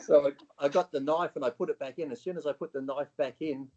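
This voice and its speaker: A man's voice: on the high side, fairly even intonation, fairly quick, darkish tone, muffled recording. An Australian man as an interview guest, telling a personal story bluntly and with swearing, acting out his own past lines.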